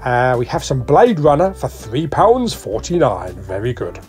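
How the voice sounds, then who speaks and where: A British man vlogs a casual tour of a shop's discs, lively and joking as he reads off titles and their prices while he films. He has a mid-range voice and a measured pace, and soft music plays underneath.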